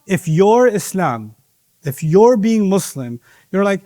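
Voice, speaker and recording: Animated, high-voiced male preacher. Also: slow. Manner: animated, asks rhetorical questions and acts out voices of others. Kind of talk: sermon to young people.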